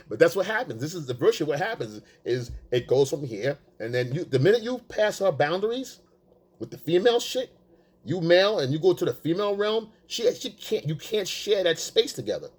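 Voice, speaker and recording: A man giving casual, profane dating advice, emphatic and blunt, acting out quotes in a high voice. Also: very animated, fairly quick. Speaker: dating coach. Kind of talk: casual coaching monologue.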